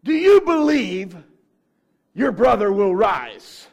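A man's voice: high-pitched, very animated, takes it slowly, vocal fry, a little mellow, exaggerated voice. A man voicing Jesus in a sermon retelling, speaking bluntly in casual modern phrasing. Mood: earnest. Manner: matter-of-fact, casual modern speech.

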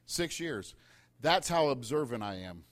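A man's voice: mid-range voice, expressive, unhurried. A middle-aged man preaching a sermon, telling a funny story and building to emphatic points. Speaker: pastor.

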